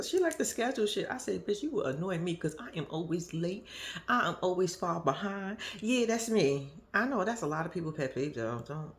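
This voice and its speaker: A woman in casual reaction commentary, chatty and animated, laughing often and swearing freely. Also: medium pitch. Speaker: reality TV commentator.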